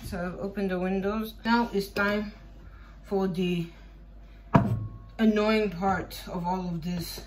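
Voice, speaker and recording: This Irish vlogger, a young woman, speaks slowly with frequent pauses, her mid-range voice keeping a fairly even intonation. Baking in her kitchen, she rambles, jokes and swears without holding back. It's a noisy home recording.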